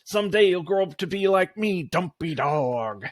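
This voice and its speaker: Dumpy Dog, a worn-out grown man sweating inside a cheap dog costume at a kids' park, drawls every line slowly like he is half stoned, as a man puts him on in an improvised podcast story. The voice sits a touch high. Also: expressive, no echo, clean studio sound. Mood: laid-back. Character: burned-out adult male park mascot in dog suit.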